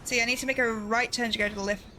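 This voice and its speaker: Sleepy woman streamer, bright voice. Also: on the high side, fairly even intonation, racing, faint music behind. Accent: put-on Irish that slips into Southern US. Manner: rambling, sweary, giggly. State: sleepy and foggy on painkillers. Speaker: game streamer. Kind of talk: casual live-stream chat while gaming.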